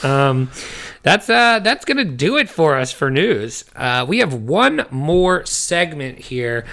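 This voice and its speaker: Gravelly-voiced man, crude podcast banter. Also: a little high, very animated, takes it slowly, a bit bright. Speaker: podcast co-host. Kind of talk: casual chat.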